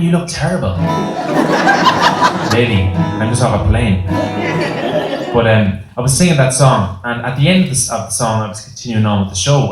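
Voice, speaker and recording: A young Irish man, a singer, chatting and telling jokey stories to a live concert audience in a self-mocking way. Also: lowish voice. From Ireland. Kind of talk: on-stage storytelling banter. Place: concert hall on stage. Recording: live hall echo, music behind.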